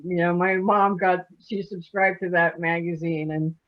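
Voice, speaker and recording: A woman's voice: on the low side, steady tone, unhurried. Older woman from alabama telling stories, laughs a lot, kinda muffled lo-fi sound. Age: 60s. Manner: chatty, folksy, laughs often. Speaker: poet guest. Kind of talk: casual interview storytelling. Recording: muffled lo-fi audio.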